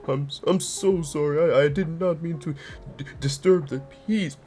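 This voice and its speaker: A man's voice: normal speed, warm tone, soft background music, close to an everyday voice. A man doing a whiny guilty apologizer. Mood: pleading. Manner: high pleading whimper, stammering apologies. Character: whiny guilty young man pleading to a judge.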